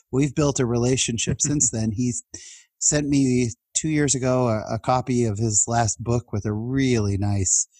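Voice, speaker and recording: Husky, heartfelt man telling stories. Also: mid-range voice, dark tone, dry recording. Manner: heartfelt and chatty, with laughs and restarts. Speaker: podcast guest. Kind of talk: personal storytelling in an interview.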